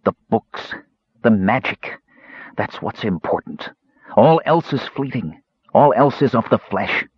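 A man's voice: medium pitch, animated, measured pace, slightly rough, no room sound, muffled recording. A man voicing a thin, sickly young male mage in an audiobook, with a cold, clipped, scornful way of talking. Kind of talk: audiobook character voice.

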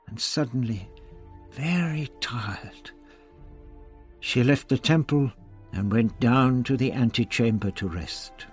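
A man reading a novel aloud as an audiobook narrator, in a measured, expressive manner. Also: mid-range voice, faint music behind. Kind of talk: scripted narration.

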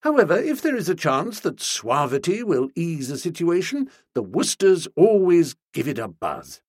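A man narrating a comic novel in a wry, animated manner, recorded close on a studio mic. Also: fairly high pitch, normal speed, slightly rough, no echo. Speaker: audiobook narrator.

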